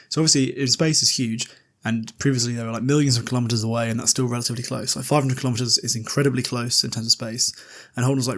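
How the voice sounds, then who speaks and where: Podcast host, man, young adult, quick and rambling, chatty book recap. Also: mid-range voice, steady tone. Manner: rambling, chatty, self-deprecating with filler words.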